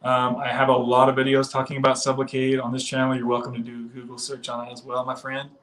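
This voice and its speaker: Chill guy on a livestream going thru comments, lots of uh's, talks to viewers like friends, normal mid-pitched voice. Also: fast. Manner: relaxed, chatty, many 'uh' fillers, addresses viewers as guys and my friend. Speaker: livestream host. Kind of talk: casual livestream chat answering viewer comments.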